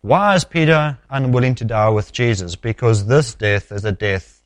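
A man preaching an expository sermon, measured and emphatic, often dropping low at the ends of phrases. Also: no room sound.

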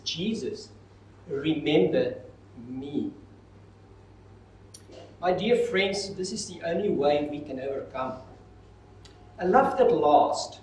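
A man delivers a sermon at an unhurried pace, his slightly high voice rising into emphatic swells and dropping into quiet pauses. The sound is roomy and reverberant, with the mic some distance away and faint room noise behind. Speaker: pastor. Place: church. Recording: echoey hall, mic far off.

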